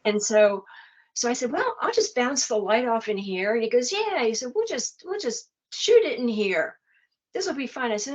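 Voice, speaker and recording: Older woman, lively storyteller, dull lo-fi recording. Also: mid-range voice. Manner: lively anecdotes with laughter. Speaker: interview guest. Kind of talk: casual storytelling.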